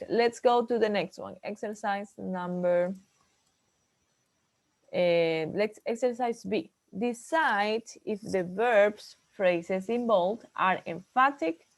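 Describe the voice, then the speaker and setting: A woman's voice: mid-range voice, gravelly. Bilingual woman teaching an English class. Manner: explains in English, then repeats in Spanish.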